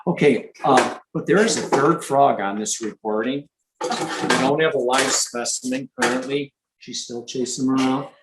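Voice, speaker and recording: A man from Michigan teaching about frogs in a relaxed, chatty live presentation, now and then imitating frog calls. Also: medium pitch, normal speed, very noisy. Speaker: nature educator.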